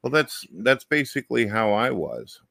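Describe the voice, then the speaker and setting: A man's voice: medium pitch, huge pitch swings, moderate pace, vocal fry, bright, forceful tone, dry recording. A middle-aged man talking casually and bluntly, swearing freely as a show host. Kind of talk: casual conversation.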